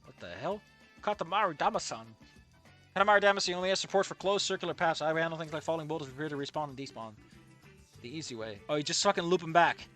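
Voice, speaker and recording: A woman casually reacting to a fanfic, exasperated and swearing freely, yelling at the characters, laughing often and trailing off into low mutters. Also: quick pace, faint music behind. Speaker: fanfic reader and commentator.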